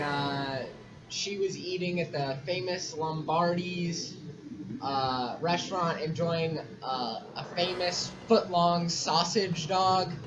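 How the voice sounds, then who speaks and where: A young man playing a fill-in news anchor for a school project, joking and hesitant, with many filler sounds. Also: on the high side. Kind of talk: amateur mock news broadcast.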